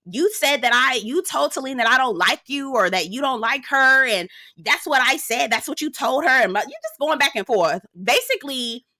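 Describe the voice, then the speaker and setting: A woman giving a sassy, slangy gossip recap of a reality show episode, animated and quick to laugh. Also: sits high. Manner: sassy, slangy, keeps calling listeners girl and child; animated storyteller who laughs often. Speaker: reality TV reviewer. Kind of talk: casual gossipy recap commentary.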